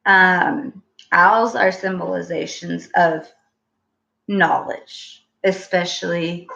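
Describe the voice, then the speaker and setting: A woman's voice: fairly low pitch, takes it slowly, vocal fry, long pauses. A woman giving a casual tarot reading at home, rambling and hesitant with many fillers. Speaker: tarot reader. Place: at home with her small child. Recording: roomy, dull lo-fi home recording.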